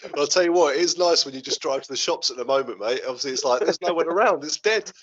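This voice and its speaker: Fast-talking podcast host. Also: male voice, on the high side, a bit bright, lo-fi sound. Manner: chatty, laughs often, swears casually. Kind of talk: casual chat.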